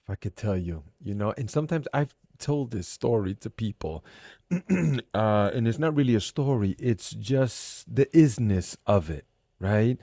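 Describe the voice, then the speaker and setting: Animated storytelling man, mellow voice. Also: fairly low pitch, unhurried, no echo, studio quality. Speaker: podcast guest. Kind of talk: casual conversation.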